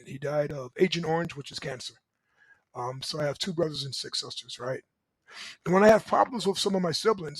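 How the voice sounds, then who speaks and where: A middle-aged man speaks in a high, ringing voice, loud and emphatic as he coaches his listeners through a motivational talk. He keeps checking in with a quick "right?", and the sound is dry and close. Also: breathy edge, dry recording, poor audio. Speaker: relationship coach and show host.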